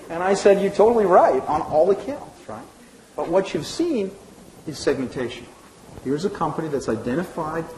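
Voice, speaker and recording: A man in his forties giving a lively marketing lecture to a class, often checking in with "right?" and acting out the dialogue he quotes. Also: on the high side. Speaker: marketing professor. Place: lecture hall. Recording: echoey room, faint noise.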